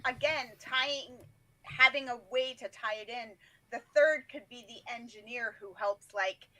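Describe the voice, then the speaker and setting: High bright woman cohost, rambly, lots of "like"s. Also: a little slow, poor audio. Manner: rambling, lots of fillers and acted quotes. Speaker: podcast co-host. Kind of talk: casual chat.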